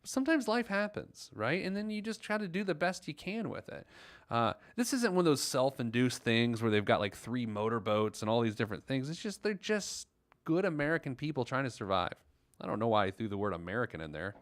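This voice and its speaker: A man's voice: medium pitch, sing-song, a little fast. Chatty easygoing male podcast host. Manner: chatty, easygoing, lots of filler words. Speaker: podcast host and financial planner. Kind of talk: casual advice chat with a caller.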